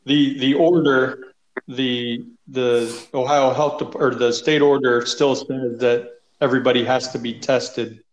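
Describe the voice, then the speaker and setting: A man, a high school football coach, explaining his team's situation in a matter-of-fact casual chat. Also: flat delivery, measured pace. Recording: echoey room.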